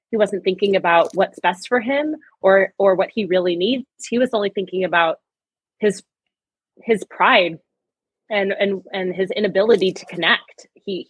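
Woman co-host, breathy and dry-miked, gushes emotionally over film scenes. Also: medium pitch, no room sound, poor audio. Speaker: podcast co-host. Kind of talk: casual chat.

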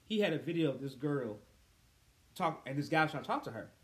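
A man's voice: fairly high pitch, fairly quick, slight background noise. A young man in casual podcast chat, telling profane stories and acting out the people he quotes. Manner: profane, animated storyteller who acts out quotes.

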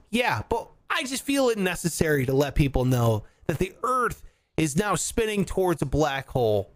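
A man co-hosting a casual chat, animated and prone to loud excited shouts. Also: on the high side. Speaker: podcast co-host.

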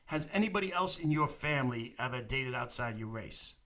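A man's voice: medium pitch, animated, a little fast, sharp tone. A man hosting a crude comic call-in chat, rambling and profane, often laughing at his own jokes. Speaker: host of a live advice stream.

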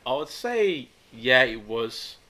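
A young man with a Birmingham accent telling a story in animated, slangy casual chat, often laughing. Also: medium pitch, takes it slowly. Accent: Birmingham English. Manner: animated, laughing, street slang, frequent tag questions. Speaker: guest storyteller.

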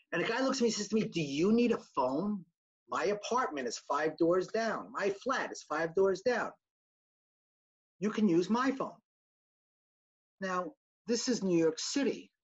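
A man with a husky, slightly rough voice tells a personal story to an audience. He brings it to life by acting out every line of quoted dialogue. The recording is dull and muffled. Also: sits high. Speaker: speaker giving a testimony talk.

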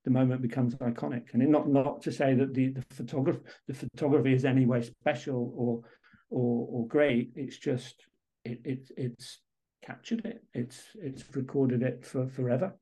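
A man talks casually as a podcast guest, with a mellow, darkish tone. His voice is husky with a gravelly edge. He speaks haltingly, restarting and repeating words as he goes. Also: mid-range voice, fairly even intonation, poor audio. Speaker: interview guest, baseball photographer. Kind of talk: casual podcast interview chat.

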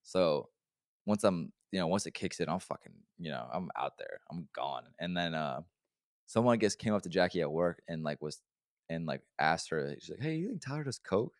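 Young dude, real deep voice, rambles fast and swears, dry close mic. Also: male voice, no room sound. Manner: fast-talking, swears a lot, animated storytelling. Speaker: podcast co-host. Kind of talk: casual chat.

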